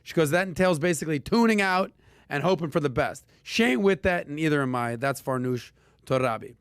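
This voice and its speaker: A man hosting a casual personal finance podcast, talking with punchy emphasis and lively asides. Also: fairly high pitch, a little fast, smooth, no room sound, clean studio sound. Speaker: podcast host.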